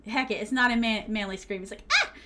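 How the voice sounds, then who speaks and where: A woman's voice: mid-range voice, fairly even intonation, fast talker, fairly bright tone. A woman streaming a game, chatting casually and rambling animatedly through a made-up story while laughing often.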